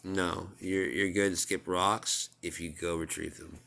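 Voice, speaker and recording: A man's voice: sits low, fairly even intonation, unhurried, creaky, bright, forceful tone. A man in a rambling, profane casual monologue, chuckling at his own jokes.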